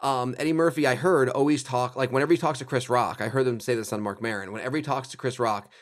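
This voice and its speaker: A male comedy writer and producer, a podcast guest, telling a story in a lively, quick, run-on way with lots of "like"s and frequent laughter. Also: mid-range voice.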